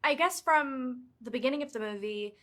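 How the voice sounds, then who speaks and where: Young British woman, actress on a press day, bright-toned, chatty, loose with fillers. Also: high voice, normal speed. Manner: chatty, animated, many fillers. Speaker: actress and author being interviewed. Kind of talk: casual press junket interview.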